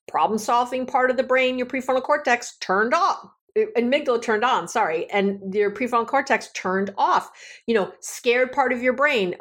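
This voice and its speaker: A woman therapist talks through her podcast in a loose, chatty way. She keeps checking in with the listener through little tag questions. She sits at an ordinary middle pitch for a woman. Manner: chatty, animated, frequent filler words and tag questions. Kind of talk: casual podcast monologue.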